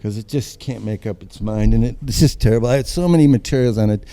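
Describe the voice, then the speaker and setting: Older male artist, warm dark timbre, lively anecdotal storyteller. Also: lowish voice, fast. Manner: animated storyteller acting out quoted voices. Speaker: guest artist. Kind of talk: casual storytelling chat.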